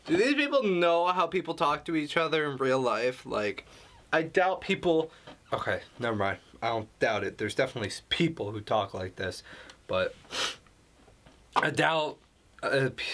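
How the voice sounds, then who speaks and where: A man's voice: mid-range voice, a bit bright. A young man casually commenting on a game, reacting with sarcastic jokes as he reads messages aloud. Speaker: gaming channel host. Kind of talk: casual let's play commentary.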